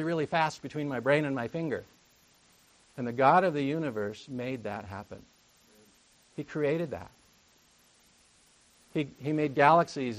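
Chatty man preaching a sermon. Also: mid-range voice. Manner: chatty, jokey asides and rhetorical questions. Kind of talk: conversational sermon.

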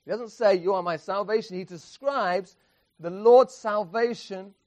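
A man's voice: sits high, a little slow. A man preaching an expository sermon, emphatic, often restarting phrases and chuckling.

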